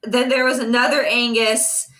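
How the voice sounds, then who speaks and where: A woman's voice: a little high, flat delivery, moderate pace, fairly bright tone. Young woman player, laid-back storyteller, plain voice. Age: young adult. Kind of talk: casual storytelling.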